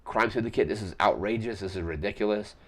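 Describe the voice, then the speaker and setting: A man voicing an indignant male crime boss who complains in outrage, raising his voice well above his usual pitch. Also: fast talker, husky. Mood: outraged. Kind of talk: paraphrased film quote.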